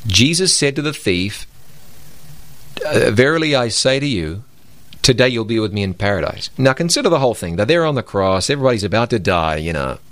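A man's voice: lowish voice, sing-song, a little fast, fairly bright tone, no room sound. A man co-hosting a Bible program, arguing his points emphatically and repeating words for stress. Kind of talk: conversational Bible teaching.

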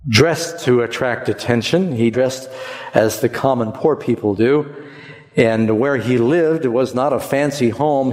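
A man's voice: medium pitch, darkish tone. A man preaching a sermon to a congregation, emphatic and rhythmic, asking them to repeat a verse with him. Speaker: pastor. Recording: long hall reverb.

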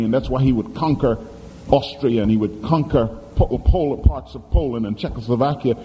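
A man's voice: medium pitch, warm tone, a little hiss or hum. A man preaching a sermon as pastor, dramatic and emphatic, posing questions to the congregation. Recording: echoey hall with faint ambience.

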